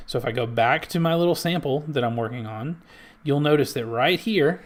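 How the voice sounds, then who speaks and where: Halting man giving a tutorial. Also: mid-range voice. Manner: halting, many restarts and fillers. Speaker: library staff trainer. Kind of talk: screen-share tutorial.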